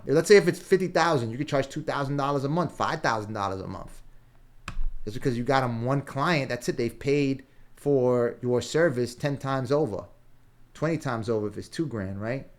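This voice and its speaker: A man acting as a business coach, walking through examples on screen in a casual, punchy way, thinking aloud as he browses and dropping frequent "right?" and "boom". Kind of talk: screen-share walkthrough.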